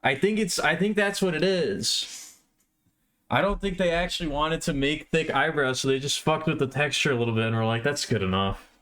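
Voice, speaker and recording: A man's voice: fairly high pitch, fairly quick, fairly bright tone. A man livestreaming, rambling casually and poking fun at himself while chatting with his viewers.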